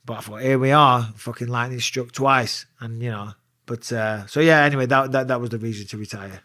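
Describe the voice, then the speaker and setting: A man's voice: medium pitch, fairly quick, no room sound, studio quality. A man being interviewed, telling a story in a casual, profane way and acting out the voices of the people in it. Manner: profane, animated, acts out voices in his stories. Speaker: interview guest.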